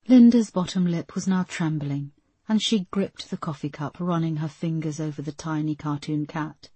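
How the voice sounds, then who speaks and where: A woman narrating an audiobook in a measured, even storytelling manner. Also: low-pitched, husky, no echo. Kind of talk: scripted narration.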